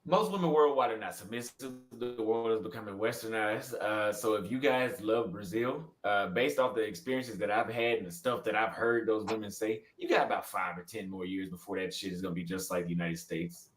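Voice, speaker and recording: A man's voice: fairly low pitch, fairly quick, hardly any pauses, low-quality recording. A man giving casual, opinionated dating commentary in a matter-of-fact way.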